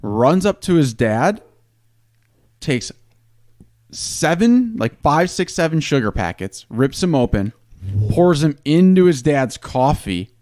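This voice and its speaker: A man's voice: fairly high pitch, very animated, slow, darkish tone, dry recording, clean studio sound. A man co-hosting a podcast, telling stories bluntly with sarcasm and heavy swearing. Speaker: podcast co-host. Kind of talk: casual storytelling chat.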